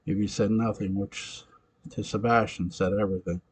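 A man narrating an amateur audiobook in a halting, deliberate reading with occasional restarts. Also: on the low side, fairly even intonation, husky, rough recording.

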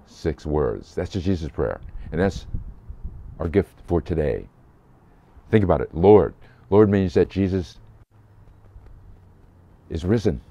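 A low-voiced man preaches a brief sermon in a warm, relaxed tone. He tells the story earnestly and briefly voices the people he quotes. The sound is a little dull, like a modest lo-fi recording. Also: a little slow, long pauses. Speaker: pastor. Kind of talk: short Easter sermon.

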